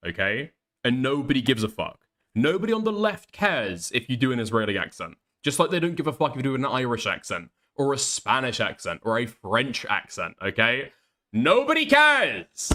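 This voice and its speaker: A man's voice: medium pitch, sing-song, a little fast, fairly bright tone. A young man streaming commentary, ranting casually with lots of swearing and pushy "okay?" tags. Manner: profane, emphatic, repeats "okay?" to press points. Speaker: streamer reacting to clips.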